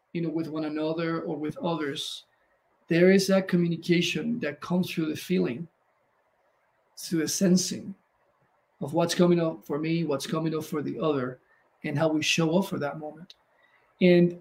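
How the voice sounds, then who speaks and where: Man co-host, high and gravelly, slow and reflective in casual talk. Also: darkish tone. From United States. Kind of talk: casual conversation.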